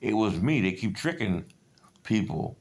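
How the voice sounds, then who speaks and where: A man's voice: on the low side, big pitch swings, measured pace, darkish tone. A man in his fifties in a rambling personal monologue, agitated and profane, jumping between stories. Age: 50s. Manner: agitated, profane, digressive storytelling.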